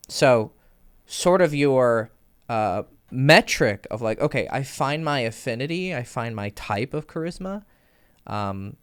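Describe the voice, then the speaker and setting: A man's voice: mid-range voice, clean tone. A young man casually coaching on dating and charisma. He swears freely and uses vocal sound effects. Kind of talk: casual advice monologue.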